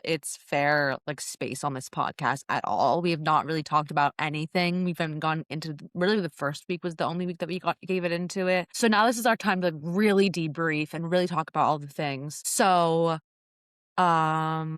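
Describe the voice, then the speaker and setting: A woman's voice: low-pitched, moderate pace, fairly bright tone, no room sound, studio quality. A young woman co-hosting a podcast in casual chat, playful and teasing with mock-dramatic segues. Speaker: podcast co-host.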